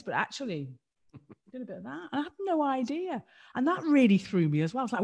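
A woman's voice: sits high, big pitch swings, quick pace, vocal fry, a little mellow. A woman co-hosting a livestream, talking candidly and self-deprecatingly in a rambling way over a video call. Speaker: co-host.

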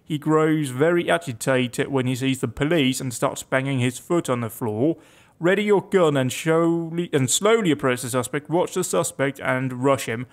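A man's voice: mid-range voice, normal speed. A young man giving casual, chatty commentary on a game, reading its text aloud with wry asides. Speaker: let's play gamer.

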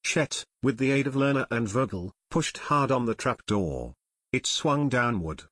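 A man narrating an audiobook in a steady storytelling manner, recorded close on a studio mic. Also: medium pitch, measured pace, dry recording. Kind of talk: scripted narration.

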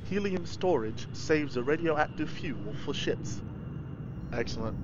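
A man hosting a livestream, giving casual game commentary in an excitable, goofy way and thinking aloud. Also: a little high, a little slow, dull audio, background noise. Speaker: livestream host.

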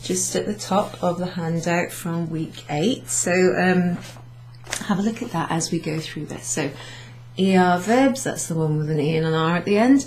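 A woman teaching a beginners' French class, explaining slowly and patiently with many ums and repeated French words. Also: fairly low pitch, a little mellow, slight background noise, rough recording. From United Kingdom. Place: pub function room, recorded lesson.

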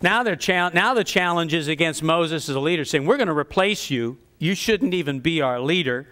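Guy preaching, smooth clear voice a bit on the high side, acts out the grumblers all scornful. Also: expressive, normal speed, pushed and bright. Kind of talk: sermon.

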